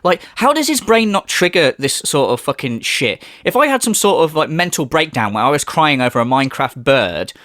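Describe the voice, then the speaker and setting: Male streamer, sarcastic ranting, swearing, lively swooping pitch, somewhat high, dry close sound. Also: moderate pace, few pauses, no echo. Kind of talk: livestream commentary.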